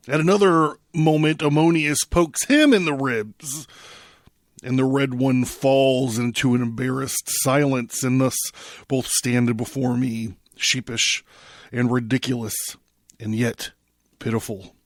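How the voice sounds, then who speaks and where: A man hosting a podcast, reading a book aloud dramatically with swings in loudness. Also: mid-range voice, steady tone, unhurried, no echo, studio quality.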